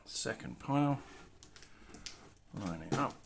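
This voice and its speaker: A middle-aged man casually showing his artwork on camera, talking in a relaxed, rambling way with self-deprecating asides. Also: medium pitch, slow, gravelly, background noise. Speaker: artist showing his work. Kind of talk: casual show-and-tell narration. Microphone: camera mic, handling artwork.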